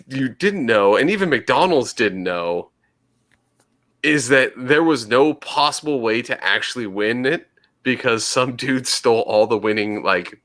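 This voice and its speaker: A man co-hosting a podcast in casual chat, animated and swearing freely as he trails off and restarts. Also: mid-range voice. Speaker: podcast co-host.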